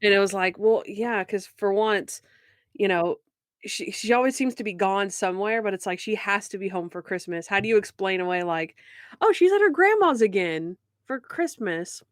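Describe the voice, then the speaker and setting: A young woman co-hosts a casual podcast chat about a TV episode, acting out the scenes as she retells them. Her voice sits at a middle pitch and comes across close and dry, with no room around it. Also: fairly even intonation, moderate pace, smooth, dry recording. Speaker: podcast co-host.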